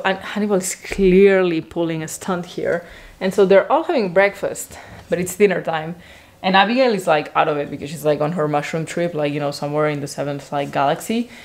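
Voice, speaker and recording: A woman with a slightly low voice rambles through a chatty recap vlog. She talks in an excitable, unpolished way, scattering "like" through every sentence. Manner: rambling, excitable, heavy use of "like" fillers. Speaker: vlogger recapping a TV series.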